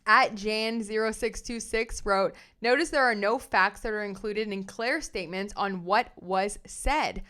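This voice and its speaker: A woman hosting a casual commentary show, reading viewer comments in an animated, sassy way with slang. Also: medium pitch, a little slow, hardly any pauses. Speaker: commentary host.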